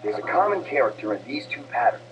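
A man's voice: medium pitch, sing-song, fast talker, natural voice. An actor voicing a stoic male super-soldier hero in a video game, giving terse, focused callouts. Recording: dull game audio with loud noise.

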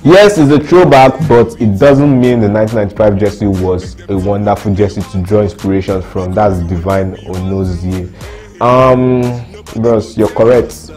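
A young Nigerian man with a Nigerian accent, reading out fan reactions in a lively, slangy casual chat. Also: lowish voice, moderate pace, soft background music. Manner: lively, mixes Pidgin slang, laughs a lot.

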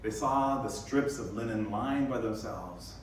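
A male pastor giving a lively sermon, acting out the scenes with sudden high bursts. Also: unhurried, a little hiss or hum. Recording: very echoey church hall, distant mic.

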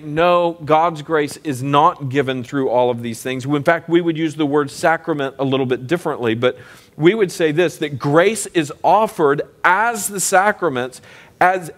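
A man teaching a church class as pastor, speaking conversationally and pausing to ask the group questions. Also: on the high side. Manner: conversational, asks the class questions, frequent restarts.

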